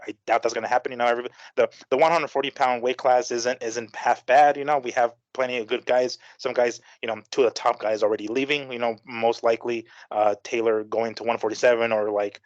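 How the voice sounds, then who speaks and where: A man's voice: medium pitch, no echo. A man co-hosting a boxing podcast, chatting casually and rambling with lots of fillers, restarts and the odd swear word. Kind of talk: casual chat. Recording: dry, slightly dull audio.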